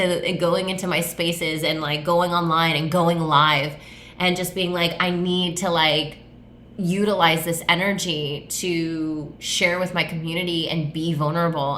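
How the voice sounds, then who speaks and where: A woman hosting a solo podcast, rambling and effusive, with "like" peppered through every sentence and the odd casual curse. Her voice is bright and forceful, pitched a little low. The room around her rings with echo. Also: a little hiss or hum. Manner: rambling, effusive, heavy use of filler "like", swears casually. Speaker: podcast host, tattoo artist and coach. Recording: echoey room.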